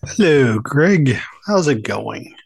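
A man co-hosts a podcast with a slightly husky voice. He talks in an easygoing, scattered way, jumping between tangents. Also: mid-range voice, very animated, slow pace. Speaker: podcast co-host. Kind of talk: casual podcast chat.

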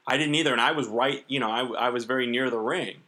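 A man's voice: medium pitch, quick pace, pushed and bright. Chatty man telling anecdotes. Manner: chatty backchannel, anecdotal storytelling. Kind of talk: casual wrestling chat.

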